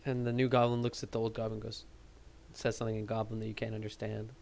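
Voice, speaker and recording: A man narrating as game master, describing scenes in a relaxed, rambling way. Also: lowish voice, quick pace, gravelly.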